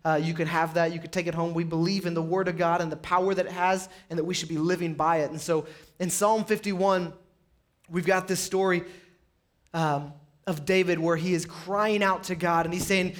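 High-voiced impassioned preacher man. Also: steady tone, normal speed. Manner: impassioned, rises high and loud on pleas then drops low. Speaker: pastor. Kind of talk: sermon. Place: church sanctuary.

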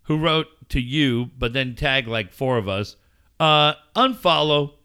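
A man's voice: medium pitch, a little slow, pushed and bright, smooth. A man, a sports radio host, joking and ribbing his co-host in casual podcast banter, swearing freely. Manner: joking, mock-emotional, profane.

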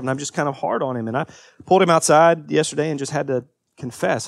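Pastor, man in his thirties, mid-pitched, earnest sermon delivery that climbs to emphatic peaks and drops to quiet confession, frequent halting restarts, dry close sound. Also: vocal fry, dry recording. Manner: halting restarts and repeated words.

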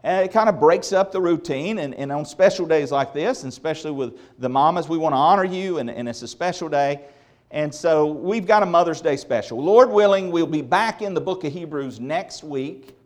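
A man's voice: on the high side, moderate pace. A man preaching a sermon in a church, folksy and joking with the congregation. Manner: folksy, joking, animated delivery. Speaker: pastor. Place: church sanctuary.

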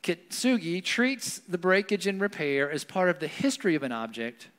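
Southern us pastor guy preaching casual-like, keeps saying right?, fairly high voice, big echoey church hall. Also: big pitch swings, moderate pace, fairly bright tone. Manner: conversational, often adds "right?". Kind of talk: sermon. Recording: long hall reverb.

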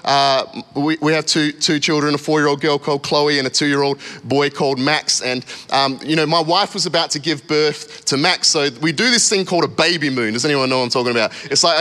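A man in his thirties preaching in a church, telling a story with lively acted-out voices before a sermon. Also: on the high side, brisk, few pauses. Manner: animated storyteller, acting out voices. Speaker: pastor. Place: church hall.

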